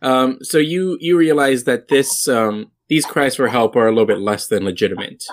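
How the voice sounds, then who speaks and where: This is a man running a tabletop game as its game master. His pitch sits at an everyday middle, and he narrates casually, stopping and restarting often around plenty of fillers. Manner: halting, many fillers and restarts.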